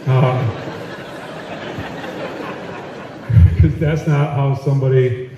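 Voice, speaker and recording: A man's voice: mid-range voice, fairly even intonation, very slow, highs cut off, background noise. A man doing stand-up comedy in a large auditorium with a brash, profane, punchy delivery, captured on a phone in the audience. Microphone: phone recording from the audience area. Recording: echoey hall from far off. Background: audience laughter.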